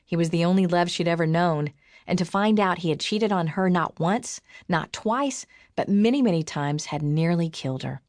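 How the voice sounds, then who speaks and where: A woman's voice: lowish voice, moderate pace, darkish tone, no room sound, clean studio sound. A woman narrating an audiobook, lifting her voice for the characters' lines.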